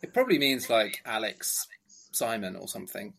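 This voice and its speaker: An Englishman, co-hosting a podcast in casual chat, relaxed and wry. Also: on the low side, normal speed, creaky, a little hiss or hum. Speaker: podcast co-host. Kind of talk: casual chat reviewing a quiz show.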